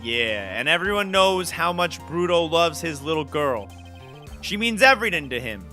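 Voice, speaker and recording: Man voicing a gruff game detective, blunt, folksy, bright forceful voice. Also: on the high side, very animated, moderate pace, soft background music. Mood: gruff warning. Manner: blunt, folksy, calls people pal. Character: gruff streetwise male police detective.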